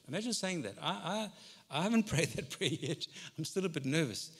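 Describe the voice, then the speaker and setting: A man preaching a sermon as pastor in a conversational way, swinging between loud and soft passages. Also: a little high, expressive, normal speed. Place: church hall. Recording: long hall reverb.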